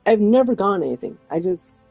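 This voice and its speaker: A woman's voice: medium pitch, animated, fast, vocal fry, a little mellow, breathy edge, dry recording, soft background music. A woman chatting casually while streaming a game, rambling and laughing often. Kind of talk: casual chat while gaming.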